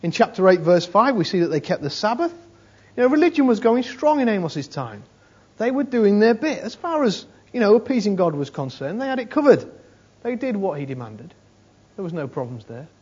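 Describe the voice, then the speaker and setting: A man's voice: sits high, big pitch swings, fairly quick, a little mellow, breathy edge. A man preaching a conversational sermon, repeating phrases for emphasis and often saying "you know". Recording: dull lo-fi sermon recording.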